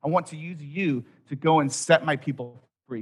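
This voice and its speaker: A man in his thirties preaching a sermon, telling a story with quoted voices and dropping soft at key points. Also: on the high side, moderate pace, hardly any pauses, slightly rough. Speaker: pastor.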